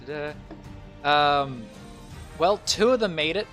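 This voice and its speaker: A man's voice: a little high, animated, slow, a bit bright, soft background music. A man narrating as game master in a casual tabletop game, rambling with lots of fillers. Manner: rambling, filler-heavy, laughing asides.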